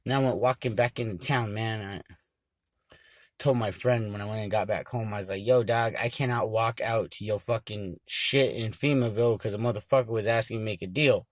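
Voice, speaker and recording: A man from Montana casually telling a rambling, profane story and getting loud and animated when he quotes people. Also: lowish voice, brisk, no echo. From Montana, United States.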